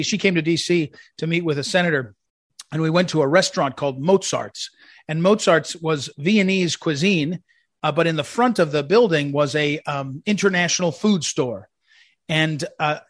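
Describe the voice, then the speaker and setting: A man's voice: on the high side, fairly bright tone, no room sound, studio quality. A man hosting a commentary segment, telling rambling, anecdotal stories in a eulogy style. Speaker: commentary host.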